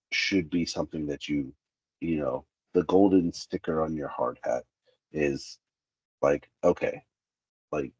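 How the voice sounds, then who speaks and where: A man's voice: low-pitched, husky, no echo, muffled recording. A man in a candid interview, a safety specialist who tells workplace stories and acts out the dialogue. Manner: animated, acts out quoted dialogue.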